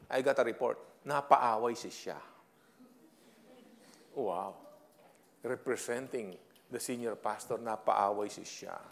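A man's voice: medium pitch, creaky. A man with a Filipino accent giving a management lecture, switching between English and Tagalog and putting questions to the audience. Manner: code-switching, animated, asks the audience questions. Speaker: leadership trainer.

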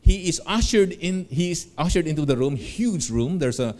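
A man's voice: on the high side, animated, moderate pace, a little mellow. A middle-aged man giving a motivational seminar talk, telling stories animatedly, laughing along and acting out the voices of the people in them. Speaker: seminar speaker.

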